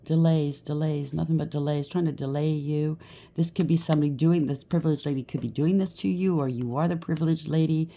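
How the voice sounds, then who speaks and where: A woman talks through a tarot spread in an easy, chatty way, often stopping to ask "okay?" or "right?". Her voice sits low with a gravelly fry. The tone is dark and mellow. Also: fairly even intonation, a little fast. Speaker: tarot reader. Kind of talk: casual tarot card reading.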